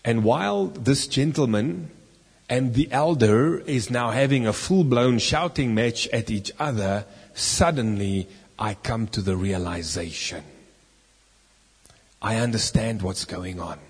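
A man preaching a sermon as an animated story, now and then rising loud for the key lines. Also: mid-range voice, measured pace, slightly rough. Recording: long reverb in a hall.

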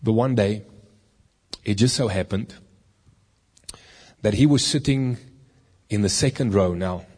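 A man's voice: on the low side, a little mellow, husky. A man preaching a sermon in a conversational way, with rhetorical questions and stories from his meetings.

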